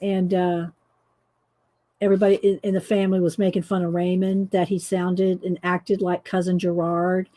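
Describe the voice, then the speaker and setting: A woman's voice: fairly low pitch, little pitch movement, moderate pace, dark tone. A middle-aged woman, hosting a casual coloring livestream, chatty and laughing often as she greets viewers. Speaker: livestream host demonstrating coloring.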